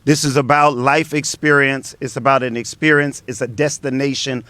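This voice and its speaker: A man's voice: mid-range voice, steady tone, moderate pace, pushed and bright, no room sound. Earnest man speaking at a ceremony. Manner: earnest, repeats a phrase for emphasis. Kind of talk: ceremony speech.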